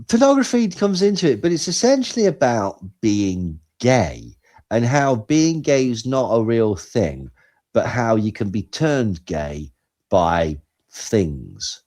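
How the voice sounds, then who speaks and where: Man, podcast co-host, sarcastic, lively swooping pitch, mid-range voice. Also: slow. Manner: animated, sarcastic, swings between loud and quiet. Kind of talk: casual commentary chat.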